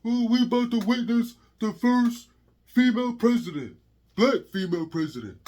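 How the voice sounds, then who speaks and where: A brash female rapper hyping up a crowd, as a man mocks her voice. The voice is pitched up, loud and pushed. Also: lively intonation, moderate pace. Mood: hyped.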